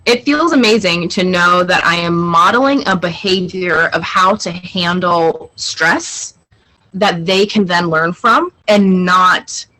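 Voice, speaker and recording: A woman in her thirties, a guest on a video-call interview, telling animated stories about her family. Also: lowish voice, rough recording. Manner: animated storyteller, acts out family dialogue. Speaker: guest, client. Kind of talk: casual interview chat.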